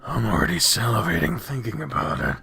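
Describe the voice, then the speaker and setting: A man voicing a big, affectionate, lazy male bear in a game, speaking gently and teasingly. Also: on the low side, sing-song, a little fast, vocal fry, exaggerated voice. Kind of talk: voiced game dialogue.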